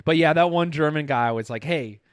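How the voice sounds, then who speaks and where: A man co-hosting a casual podcast, telling a story with animation and acting out the quotes in rough, profane voices. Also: fairly high pitch, a little fast, dry recording, studio quality. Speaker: podcast co-host. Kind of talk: casual chat.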